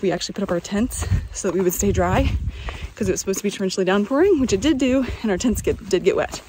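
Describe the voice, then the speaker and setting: A woman from North Carolina vlogs into a handheld phone outdoors on a mountain trail, talking in a chatty, upbeat, loose, rambling way on the go. Her mid-range, darkish voice is animated and fast, and the poor audio carries slight background noise.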